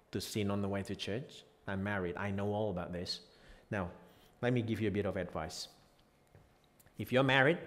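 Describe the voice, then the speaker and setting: Impassioned male pastor in a reverberant hall. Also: fairly low pitch. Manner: impassioned, swinging from quiet to loud emphatic peaks. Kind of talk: sermon. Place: church sanctuary.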